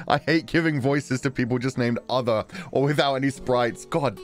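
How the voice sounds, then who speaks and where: A man's voice: medium pitch, lively intonation, faint music behind. A man chatting casually and laughing as he plays through a story game. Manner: chatty, giggly, quick to laugh. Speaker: streamer playing a game. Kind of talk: casual gameplay commentary.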